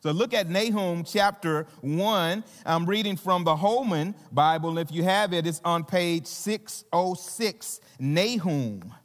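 A man's voice: high-pitched, slow pace, few pauses, long reverb tail. A man with a Southern American accent preaching a sermon as a visiting pastor, talking conversationally and playfully to the congregation with plenty of fillers and restarts. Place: church sanctuary.

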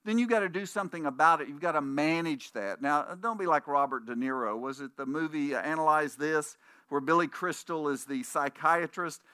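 Bright-voiced man preaching a sermon. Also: on the high side, brisk, clear, resonant tone, dry recording, studio quality. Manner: conversational preaching with anecdotes and restarts; puts on voices when quoting people in stories. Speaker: pastor.

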